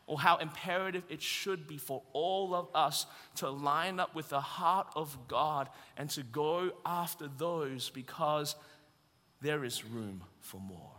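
A man preaching a sermon with humour, building up to shouted emphasis. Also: a little high, steady tone, unhurried, hardly any pauses. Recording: long reverb of a large hall.

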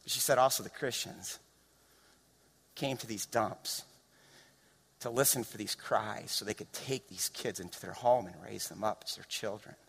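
A man preaching a sermon as pastor, storytelling and building to impassioned shouts. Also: fairly low pitch, moderate pace, vocal fry, breathy edge. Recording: long reverb of a large hall.

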